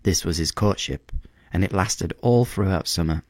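Brief: male storybook narrator, deep and lively, close dry sound. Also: no echo. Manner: measured, expressive reading.

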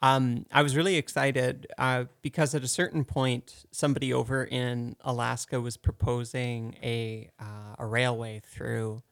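A man co-hosting a live studio radio show, his mid-pitched voice full of gravelly fry. He talks in a thoughtful, hesitant way, filling his pauses with ums. The sound is dry and close. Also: level tone, no echo. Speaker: radio co-host. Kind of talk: casual radio chat.

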